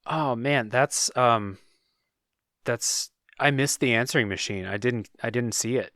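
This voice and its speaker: A man's voice: mid-range voice, unhurried, no room sound, studio quality. A man hosting a podcast, chatting casually and retelling a game's story with lots of filler words. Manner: relaxed storytelling, many "like"s. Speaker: podcast host. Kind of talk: casual chat.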